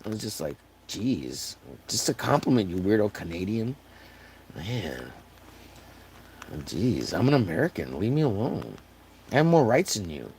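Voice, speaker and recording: Hoarse, gravelly-voiced joking man from Texas. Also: on the low side, sing-song, unhurried, pauses often, darkish tone, a little hiss or hum. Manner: joking, rambling, riffs on catchphrases. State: hoarse, voice wearing out. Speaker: live-streaming artist. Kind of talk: casual chat to a live stream audience.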